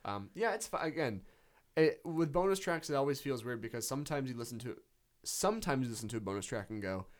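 A man's voice: mid-range voice, animated, quick pace. A man co-hosting a podcast, chatting casually about an album with frequent fillers and restarts. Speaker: podcast co-host.

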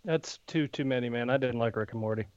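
A man's voice: mid-range voice, fast talker, lo-fi sound, noisy background. A man from the United States co-hosting a podcast, joking in an offhand way during casual chat. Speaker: podcast co-host.

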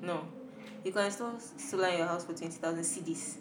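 A woman's voice: fairly low pitch, fast talker, background noise. A young woman, co-hosting a casual podcast chat in a playful, sassy way. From Ghana. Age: young adult. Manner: playful, sassy, animated when joking. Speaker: podcast co-host. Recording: roomy room echo.

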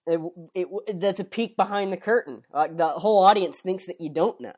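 A man's voice: sits high, moderate pace, a little mellow, a little hiss or hum. A man hosting a casual podcast chat, joking and swearing now and then. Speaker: podcast host.

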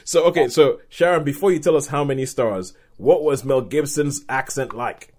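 Male podcast host at mid pitch. Playful, jokey film chat. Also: moderate pace, darkish tone. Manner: playful and jokey, often laughing. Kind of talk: casual film review chat.

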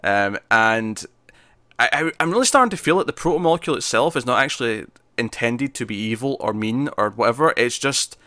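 A man co-hosting a podcast, chatting casually and excitedly as he recaps a TV episode. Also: mid-range voice, fairly quick, dry recording, clean studio sound. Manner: excitable, animated retelling of scenes. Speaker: podcast co-host.

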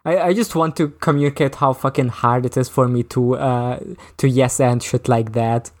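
A podcast co-host chatting casually, rambling with halting restarts. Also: medium pitch, steady tone, a little mellow. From lives in Germany. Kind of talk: casual chat.

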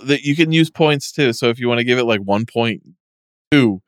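A man hosts a casual podcast in a relaxed, measured way. His voice is smooth and clear, with a dry close sound. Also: medium pitch, no echo. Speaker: podcast host. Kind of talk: casual chat.

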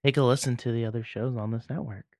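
A man's voice: mid-range voice, fairly even intonation, fast, darkish tone, no echo, clean studio sound. A man co-hosting a casual podcast with friends, reading out the show plugs. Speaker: podcast co-host. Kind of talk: casual chat.

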